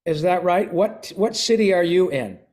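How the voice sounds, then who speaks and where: An older man, a voice actor, chatting and reading a picture book aloud to a class of children over a video call, clearing his throat now and then. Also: sits high, lively intonation, normal speed, darkish tone.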